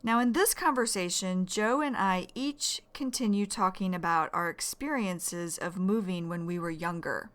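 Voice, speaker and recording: A woman teaching English vocabulary slowly and clearly, repeating each new word. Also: on the low side, a bit bright. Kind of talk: slow vocabulary lesson.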